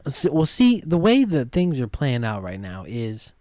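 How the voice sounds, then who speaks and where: A man's voice: medium pitch, huge pitch swings, unhurried, mellow, dry recording. Slangy Midwestern guy joking, dry sound. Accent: Midwestern American. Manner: joking, slangy, says bro a lot. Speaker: podcast co-host. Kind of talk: casual wrestling podcast chat.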